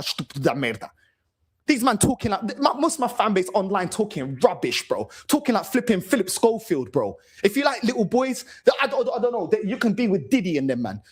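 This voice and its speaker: A man's voice: high voice, husky. A man hosting a football fan channel, ranting furiously after a match, swearing and switching between Portuguese and English. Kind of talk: angry post-match rant.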